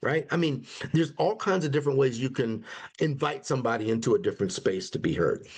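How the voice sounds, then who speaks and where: A man giving a conflict resolution webinar at a mid-range pitch. His delivery is casual and talky, and he slips into quoted dialogue with quick pitch jumps. He sounds like a trainer teaching his audience. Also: slight background noise. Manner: conversational, acts out quoted lines with lively pitch jumps. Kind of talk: webinar presentation.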